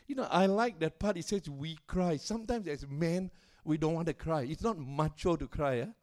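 A man with a high voice preaches from the pulpit at a church service. He tells his story dramatically, swelling and dropping his volume and slowing down for weight. He keeps calling out to the congregation for an answer. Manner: dramatic storytelling with rising and falling loudness and pace; calls out to the congregation for response. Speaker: pastor. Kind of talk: sermon storytelling.

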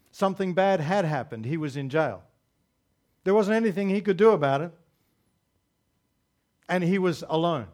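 A man preaching a sermon to his congregation. His voice sits a little higher than most men's. He drives his points home with repeated refrains and a string of rhetorical questions. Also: a little mellow. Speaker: pastor.

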